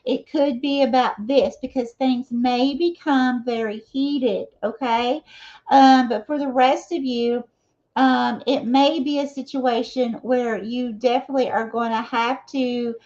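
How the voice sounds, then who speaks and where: This tarot reader has a high-pitched, darkish voice with fairly even intonation, and she takes her time. Reading live, she chats casually with her viewers, checks in with them often, and peppers her speech with "okay?" and "you know." The recording is dull and lo-fi.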